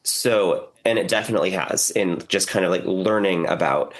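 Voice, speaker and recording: A young American man co-hosting a podcast, sounding hoarse from a cough and chatting in an animated way. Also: low-pitched, normal speed. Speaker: podcast co-host. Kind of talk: casual chat.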